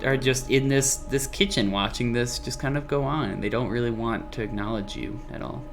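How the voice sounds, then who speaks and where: A man's voice: mid-range voice, moderate pace, gravelly, soft background music. A man narrating a tabletop game as game master, casual and hesitant, laughing often.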